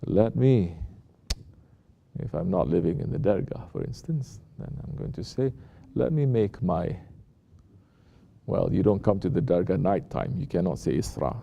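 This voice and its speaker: Low gravelly guy giving a sermon, keeps asking the room if they get it. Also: dark tone, lo-fi sound. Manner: unhurried, checks in with the listeners with repeated rhetorical questions. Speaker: sheikh giving a talk at a Sufi lodge.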